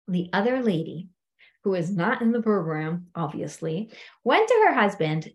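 A woman coach telling stories from her clients in an animated, conversational way, often checking in with her listeners. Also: mid-range voice. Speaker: life coach. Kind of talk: storytelling coaching talk.

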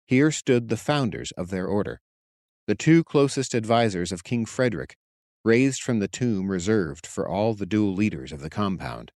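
An audiobook narrator, a man with a lowish voice, reads a scripted fantasy story in a steady, even way at a moderate pace. The recording is dry and the studio sound clean.

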